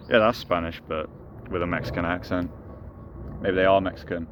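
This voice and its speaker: Deep-voiced man rambling outdoors. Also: level tone, normal speed, muffled recording. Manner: rambling, jokey, talks to the ducks. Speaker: vlogger. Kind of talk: casual outdoor vlog. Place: outdoors by a pond. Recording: noisy outdoor street sound.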